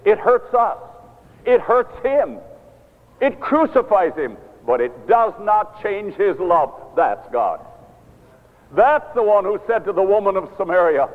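An older man preaching a sermon as a minister, animated, sometimes stern, often acting out what others say. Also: high-pitched, a little slow. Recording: tinny phone-like sound in a large reverberant hall.

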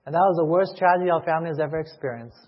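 A pastor with a slightly high voice preaches at a rapid-fire pace, pleading emotionally with his church and asking it question after question. The recording is muffled and lo-fi, with the echo of a large hall.

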